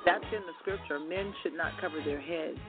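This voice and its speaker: A woman's voice: low-pitched, fairly quick, over music. Woman sharing an earnest testimony by phone. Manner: earnest, storytelling with restarts. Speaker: guest minister. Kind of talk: testimony on a call-in radio show. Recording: tinny phone line, dry.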